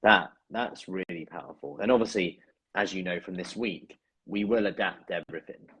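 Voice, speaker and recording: A man's voice: low-pitched, normal speed, a bit bright, husky, rough recording. A man, a fitness coach chatting casually in a thoughtful, reflective way. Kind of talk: casual chat.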